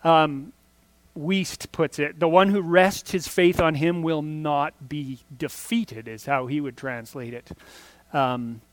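Male pastor, slightly higher voice, chatty sermon delivery, dry close sound. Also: fairly even intonation, slow pace, no room sound. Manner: conversational preaching with asides and restarts.

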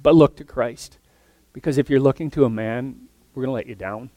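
An earnest male preacher delivers his sermon in a middle-pitched voice. He punches some lines loudly and drops others to a hush. The sound is dry, with no room echo. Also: a little fast. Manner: earnest, swings from loud emphasis to soft near-whispers.

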